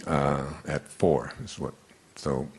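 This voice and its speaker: An older man telling a wry anecdote in a relaxed, chuckling way to an audience. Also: extremely low pitch, takes it slowly, husky. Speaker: speaker. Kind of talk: storytelling talk to an audience.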